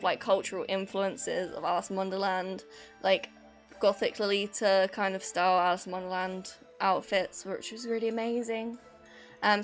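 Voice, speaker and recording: A young woman with a British accent talks through a live stream in a loose, rambling way, answering her chat as she goes. Her voice sits a little high, and quiet background music plays under her. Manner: chatty and rambling, reacting to chat with frequent laughs. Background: faint background music.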